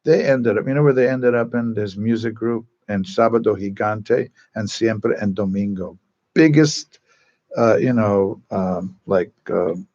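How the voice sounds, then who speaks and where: A man's voice: on the low side, darkish tone, muffled recording. A man, a Catholic priest, telling stories to a parish group in a chatty, digressive way with many asides, speaking in a church. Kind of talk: casual storytelling talk to a parish group.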